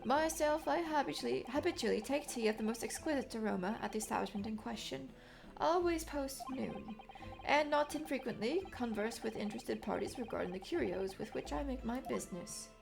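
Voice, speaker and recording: A woman's voice: a little high, expressive, a little fast, gravelly, music in the background, poor audio. A woman voicing a pompous, long-winded old male antique dealer in a courtroom game.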